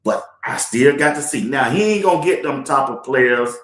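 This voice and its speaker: A man's voice: mid-range voice, expressive, normal speed, fairly bright tone, echoey room. A man hosting a casual sports talk livestream, joking and laughing often as he talks in folksy slang. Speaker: sports talk show host.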